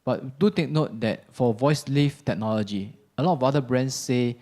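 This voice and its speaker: A man giving a relaxed, chatty product demo in a workshop classroom, often checking in with "okay?". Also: mid-range voice, moderate pace, few pauses. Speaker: audio product trainer. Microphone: ceiling and handheld microphones in a live demo.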